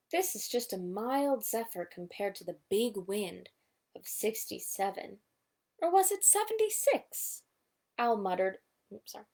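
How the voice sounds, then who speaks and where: A woman's voice: on the high side, warm tone. A woman voicing a long-winded, self-important old male owl who rambles, in a storybook read-aloud.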